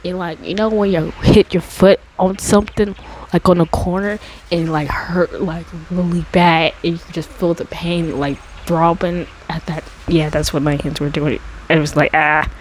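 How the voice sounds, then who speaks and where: A woman telling a personal story in a casual storytime monologue, rambling with many fillers and restarts, and climbing higher as she relives the dramatic parts. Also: moderate pace, a little hiss or hum, low-quality recording. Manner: gets high and excited when retelling dramatic moments. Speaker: storytime vlogger.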